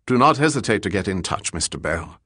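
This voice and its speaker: A man doing a suave, flattering gem dealer. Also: deep voice, a little fast, slightly rough, dry recording, clean studio sound, heavily acted. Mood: courtly. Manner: flowery, ceremonious politeness.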